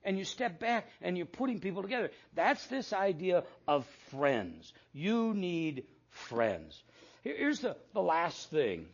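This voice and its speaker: Older male pastor with a raspy, gravelly voice. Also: high voice, big pitch swings, measured pace, muffled recording. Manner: storytelling with quoted dialogue, self-deprecating asides. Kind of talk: sermon.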